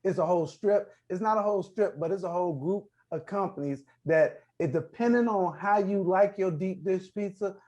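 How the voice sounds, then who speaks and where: An animated man hosts a movie review roundtable. His slightly high voice keeps stopping and restarting as he thinks aloud, in a relaxed chatty way. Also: moderate pace, hardly any pauses, highs cut off. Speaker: film critic host.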